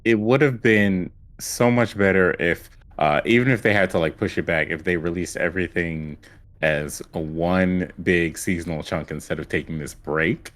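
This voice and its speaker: A man's voice: sits low, normal speed, a bit bright. A man co-hosting a podcast, recapping a show in a rambling, casual way with lots of fillers and acted-out quotes. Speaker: podcast co-host. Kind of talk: casual chat.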